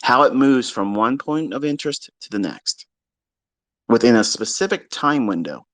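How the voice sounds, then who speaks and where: A man's voice: mid-range voice, lively intonation, normal speed, a bit bright, no echo. Blunt, swearing man ranting at students. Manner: blunt, exasperated, heavy swearing. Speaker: trading mentor. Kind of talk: profane ranting lecture to students. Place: live audio chat room.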